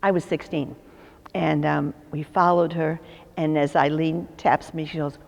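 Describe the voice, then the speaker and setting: A woman in her sixties from Chicago tells her stories with a low, deep voice. She slips into the voices of the people she quotes and laughs often. The recording carries a long, hall-like reverb. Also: level tone, unhurried, vocal fry, a little mellow. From Chicago, USA. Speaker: religious sister interviewed for oral history. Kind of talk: storytelling in an interview.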